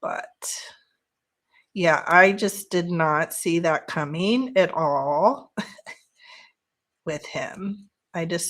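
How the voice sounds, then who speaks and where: Crafty lady chatting away slow, bit of vocal fry, voice goes up and down a lot. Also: a bit bright. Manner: chatty, slips into high baby talk with her cat. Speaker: craft channel host. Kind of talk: casual crafting chat.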